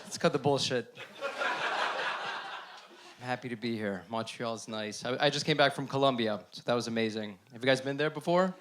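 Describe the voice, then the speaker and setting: A man's voice: mid-range voice, normal speed, long pauses, a bit bright, some chatter behind. A man performing a stand-up comedy set on a club stage before a live audience, talking animatedly and acting out the voices in his stories.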